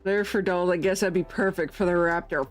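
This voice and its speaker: A woman streamer giving casual gameplay commentary, excitable and quick to laugh, with drawn-out exclamations. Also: on the low side, soft background music.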